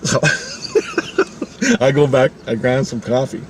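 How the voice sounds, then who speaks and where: A man's voice: medium pitch, slow pace, noisy background. A man telling a story in a casual, profane way, often swearing and laughing as he acts out what others said. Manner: profane, animated, laughing, acting out quotes.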